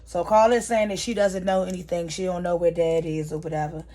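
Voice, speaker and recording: A woman's voice: on the low side, fairly even intonation, quick pace, dark tone. A woman casually recapping a TV episode, retelling scenes by quoting the characters and talking straight to her viewers.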